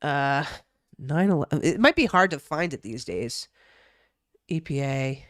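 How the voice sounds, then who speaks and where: Speaking in a low, expressive, unhurried voice, this streamer from New Jersey reads the news while keeping things casual, cursing openly and responding to her chat. She's a young woman, and the studio-grade recording has no room sound.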